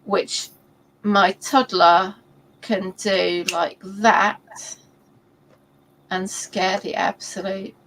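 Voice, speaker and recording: A woman's voice: medium pitch, flat delivery, extremely slow, long pauses, a bit bright, slight background noise, low-quality recording. A woman co-hosting a writing livestream, rambling and explaining step by step with many ums. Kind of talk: casual livestream chat.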